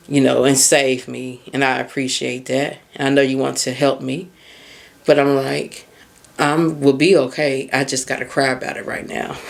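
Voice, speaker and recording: A woman's voice: extremely low pitch, gravelly. A woman hosting a casual solo podcast on self-growth, talking candidly, swearing freely and putting reflective questions to the listener. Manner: candid and conversational, swears freely, laughs at herself. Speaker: podcast host.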